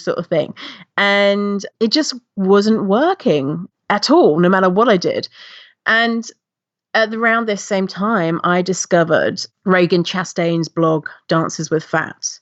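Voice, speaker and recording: A woman guest telling her personal story with animation, acting out past reactions in a high voice. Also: takes it slowly, dry recording, dull audio. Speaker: podcast guest, body-image activist.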